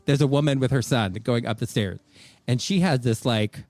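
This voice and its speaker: A man's voice: medium pitch, moderate pace, darkish tone, dry recording. A man co-hosting a live comedic podcast, ranting and acting out people in exaggerated voices. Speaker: podcast co-host.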